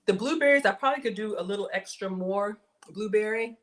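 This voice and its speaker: A middle-aged woman chats through a home cooking livestream. She is excitable and talkative, with a voice of middle pitch. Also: fairly quick. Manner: chatty and excitable, talks to viewers with "y'all". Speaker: home cook livestream host. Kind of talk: casual livestream cooking chat.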